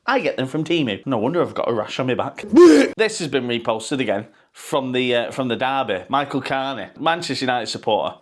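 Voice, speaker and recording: A man's voice: medium pitch, expressive, brisk, a bit bright. A man ranting sarcastically and swearing freely in a football fan vlog. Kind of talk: pre-match fan vlog rant.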